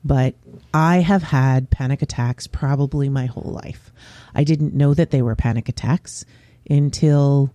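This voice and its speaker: A man hosting his own podcast, talking openly in a casual, unscripted way with pauses and fillers. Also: mid-range voice, steady tone, warm tone, no room sound, muffled recording. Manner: candid and open, with frequent pauses and fillers. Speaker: podcast host. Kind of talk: casual solo podcast chat.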